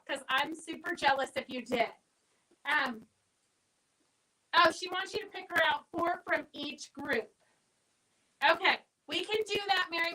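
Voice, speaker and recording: Bright, high-voiced woman hosting a live sale. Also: poor audio. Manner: chatty, reads out and answers viewer comments. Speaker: host of a live online fabric sale. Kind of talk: casual live-stream sales chat.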